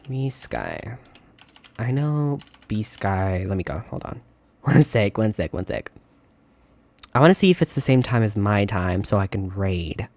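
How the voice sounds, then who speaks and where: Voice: low-pitched, dry recording. A streamer giving casual live commentary on a game at the computer, chatty and reactive, laughing and talking to chat. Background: quiet game music.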